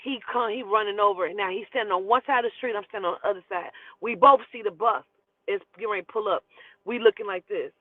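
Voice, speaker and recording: A woman telling a personal story in casual, animated, profane speech and acting out the dialogue. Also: mid-range voice, fast, no echo. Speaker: storyteller host. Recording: dry, phone-like thin sound.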